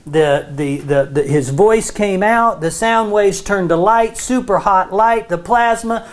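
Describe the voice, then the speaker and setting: Slow-paced Bible teacher. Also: medium pitch. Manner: frequent check-ins with listeners; repeats and restarts phrases.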